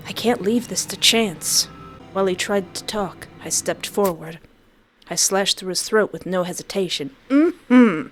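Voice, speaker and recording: A woman game streamer reading a visual novel aloud, breaking into excitable, yelling reactions. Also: lowish voice, normal speed, faint music behind.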